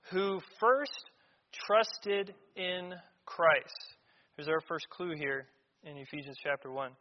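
A man with a fairly high voice preaches a sermon, reading verses and then driving points home with repeated words. His voice rings through a church hall with a long reverb. The sound is dull and lo-fi. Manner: reads scripture aloud then explains it, emphatic repetitions.

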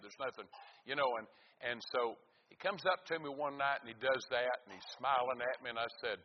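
An older man preaching a sermon as a Baptist pastor, folksy and calling out for amens. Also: medium pitch. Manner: folksy, calls out for amens and witnesses. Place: church sanctuary. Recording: dull, echoey hall with faint hiss.

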